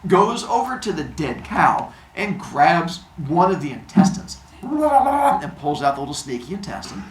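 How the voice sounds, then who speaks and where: A man's voice: a little high, a little hiss or hum. A man hosting a show, retelling myths comically with goofy sound effects and silly noises. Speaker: storyteller host. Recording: roomy echo.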